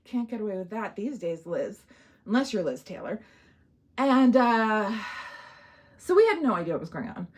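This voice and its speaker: Lively chatty woman reviewing a film. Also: mid-range voice, normal speed, long pauses. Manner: animated, chatty, laughs often, acts out quotes. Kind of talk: casual film review vlog.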